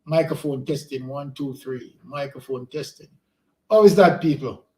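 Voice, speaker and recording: A man's voice: medium pitch, normal speed. A man co-hosting a trivia live stream, announcing scores and greeting viewers in an easygoing way. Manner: loose, easygoing delivery with warm greetings. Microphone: home desk mic. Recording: roomy echo.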